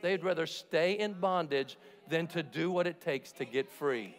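A man's voice: a little high, unhurried. A man preaching a sermon as pastor, in an emphatic and jokey way, acting out the people he quotes. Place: large church sanctuary. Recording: long reverb of a church hall.

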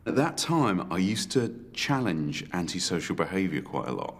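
A man recounting an assault in documentary testimony, measured and reflective with halting pauses. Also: sits low, sing-song. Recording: music bed under the voice.

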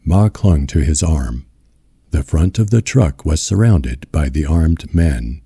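A man with a deep voice narrating a novel as an audiobook in a slow, measured reading. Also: animated, warm tone, husky, no echo, clean studio sound. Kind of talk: scripted narration.

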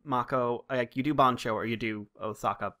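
A man's voice: mid-range voice, steady tone, moderate pace, bright, forceful tone. A man co-hosting a casual podcast, mostly giving short replies, joking and laughing a lot. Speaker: podcast co-host. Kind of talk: casual chat.

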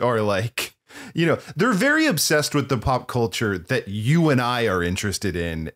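A man co-hosting a podcast, chatting casually about a movie with animated, opinionated remarks and frequent laughs. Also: fairly low pitch. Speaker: podcast co-host. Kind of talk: casual movie-review chat.

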